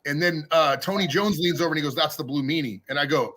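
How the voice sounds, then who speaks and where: A man rattling off a backstage story with a bright, forceful edge to his voice. He sits a little high in pitch and laughs through the telling. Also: lively intonation, fast, few pauses. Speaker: podcast guest. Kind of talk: profane storytelling chat.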